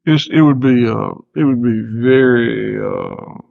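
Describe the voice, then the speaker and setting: Older man, gravelly, dry humor. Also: mid-range voice, unhurried, no room sound. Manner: laid-back, dry self-mocking humor. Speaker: farmer guest. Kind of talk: casual interview chat. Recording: slightly dull lo-fi sound.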